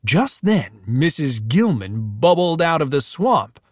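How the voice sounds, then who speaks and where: A man reads a children's storybook aloud, his voice swooping widely in pitch. He takes his time over every line. The sound is close and dry, with no room echo. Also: takes it slowly. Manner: very expressive, swooping reading voice.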